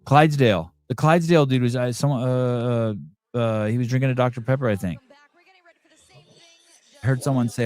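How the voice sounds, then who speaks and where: A man's voice: mid-range voice, steady tone, normal speed, pauses often, a little mellow, faint music behind. Brief: male podcast host, casual and profane, reacting to a live broadcast. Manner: joking, profane, wondering aloud. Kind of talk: casual chat watching a broadcast.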